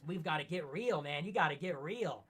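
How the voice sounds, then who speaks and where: A man in his twenties co-hosting a casual late-night stream, ranting and animated, mocking people with put-on voices. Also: fairly high pitch, fairly quick, a little hiss or hum. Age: 20s. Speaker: co-host.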